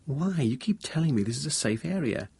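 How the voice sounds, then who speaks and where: A man reading the part of a calm, reassuring young woman, the narrator's partner, in a husky raised voice for an audiobook. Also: a little high, fairly quick, dry recording, pitched above the performer's own voice, full character voice. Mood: surprised.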